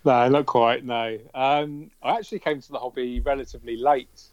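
A man with an English accent, a podcast guest talking casually, laughing easily and pausing to think. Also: mid-range voice, dry recording, lo-fi sound. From England. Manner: relaxed, laughs easily, some hesitations. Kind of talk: casual interview chat.

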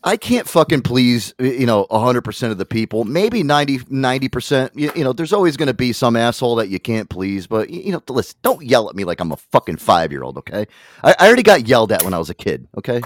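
A man co-hosting a radio show, telling a story in a casual, profane, animated way with frequent laughs. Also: medium pitch, fast talker, no room sound, clean studio sound. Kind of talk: casual chat.

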